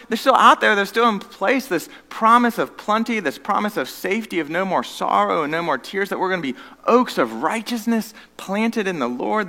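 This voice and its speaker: A man preaching a sermon as pastor, earnest, moving between loud emphatic stretches and hushed, low passages. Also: vocal fry, in a large hall.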